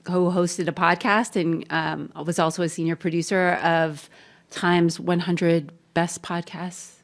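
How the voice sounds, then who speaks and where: A woman in her forties who heads an audio journalism program, speaking on a panel in a smooth radio voice, conversational and quick to laugh. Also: on the low side, level tone. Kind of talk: open house panel talk.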